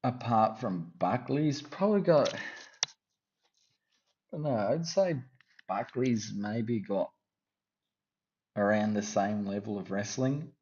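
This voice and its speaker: A man talking through his fight picks in a put-on Australian accent, rambling and thinking out loud as he second-guesses himself. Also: fairly low pitch, slow, long pauses, lo-fi sound. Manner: rambling, thinking aloud, self-correcting. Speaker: MMA fight picks commentator. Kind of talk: casual fight-pick chat.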